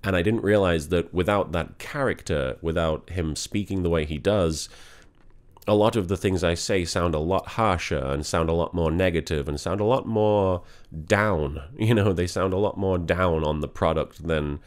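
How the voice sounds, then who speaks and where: A man talking candidly and reflectively in a confessional vlog, in a halting way. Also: low voice. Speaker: vlogger.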